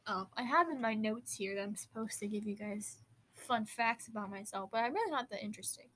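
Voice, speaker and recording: A woman's voice: medium pitch, fairly quick, a bit bright, a little hiss or hum, rough recording. A fifteen-year-old girl from Wisconsin with a light Upper Midwest accent, hosting her own podcast in a bubbly, giggly, rambling way with frequent restarts. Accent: Upper Midwest American. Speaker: podcast host. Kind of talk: casual teen podcast chat.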